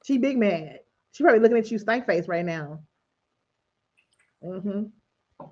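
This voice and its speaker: Woman, podcast co-host, casual chat, high lively voice, husky, unhurried, dull lo-fi audio. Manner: expressive, teasing, laughs often.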